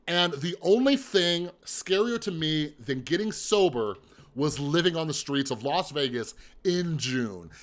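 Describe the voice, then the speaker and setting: A man's voice: fairly high pitch, animated, a little slow. Blunt, profane man telling his story. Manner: blunt, profane, emphatic, rhetorical asides. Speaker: mental health vlogger. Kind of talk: candid personal storytelling.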